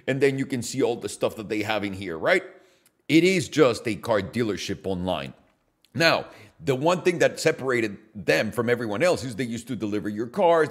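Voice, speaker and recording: A man hosting a podcast, giving an animated, casual opinion monologue with swearing and jokey asides. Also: medium pitch. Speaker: podcast host.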